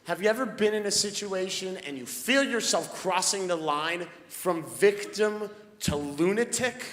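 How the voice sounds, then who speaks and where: A stand-up comedian from Boston telling an animated story on a live stage, swinging from hushed asides to outbursts. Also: male voice, high-pitched, a little slow. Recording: live set with ambient noise.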